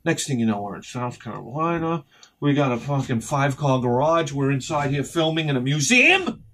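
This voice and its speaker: A middle-aged man telling a rambling, profane story as a video host, sometimes shouting as he acts out his panic. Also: medium pitch, expressive, normal speed. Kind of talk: casual storytelling vlog.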